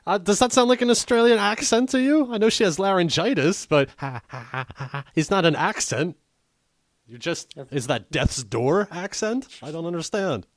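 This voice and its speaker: Podcast guy teasing and laughing, slow, lively voice, dry mic. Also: sits high, no echo. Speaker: podcast host. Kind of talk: casual chat.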